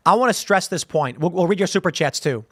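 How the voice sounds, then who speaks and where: High, lively sarcastic male commentator. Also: quick pace, no echo, studio quality. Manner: sarcastic, mocks canvassers with impressions; blunt and conversational. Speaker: political commentary show host. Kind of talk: animated political commentary.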